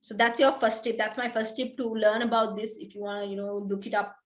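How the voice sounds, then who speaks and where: A young adult woman giving a casual, chatty talk on public speaking, quick and full of fillers. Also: medium pitch, level tone. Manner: chatty and quick, many fillers, tags "right?". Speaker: workshop speaker.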